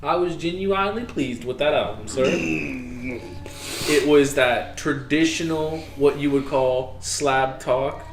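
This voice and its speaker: Animated man telling a story in an echoey room. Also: on the high side, slow pace. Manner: animated storytelling, acting out his own reactions. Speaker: podcast co-host. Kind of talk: casual podcast chat.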